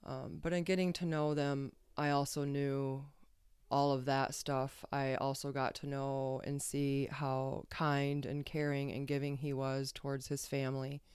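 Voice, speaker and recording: A woman's voice: a bass voice, flat delivery, unhurried, darkish tone, clean tone, no echo, clean studio sound. A woman guest on a podcast telling a personal story casually, rambling and hesitant with many fillers and restarts.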